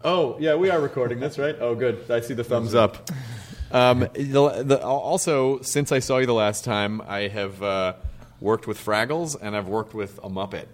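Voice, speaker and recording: Male host, mid-pitch, playful, casual banter. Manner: playful, quick with jokes. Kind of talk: casual chat.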